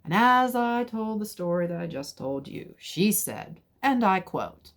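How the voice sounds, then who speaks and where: A middle-aged woman telling a personal story in a casual, animated way, sometimes dropping to a whisper for suspense. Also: mid-range voice, measured pace, few pauses.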